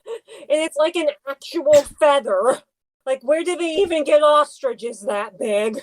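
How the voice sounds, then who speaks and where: A woman's voice: high voice, expressive, unhurried, slight background noise. A woman co-hosting a podcast, chatting casually in rambling tangents full of "like". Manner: rambling, heavy use of "like", tangents. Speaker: podcast co-host. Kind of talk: casual chat.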